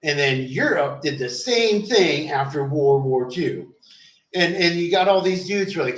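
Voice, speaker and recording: A man's voice: fairly high pitch, normal speed. Profane rambling man streaming. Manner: profane, rambling, acts out quotes. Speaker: live streamer. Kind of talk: casual rambling storytelling. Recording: roomy sound, far from mic.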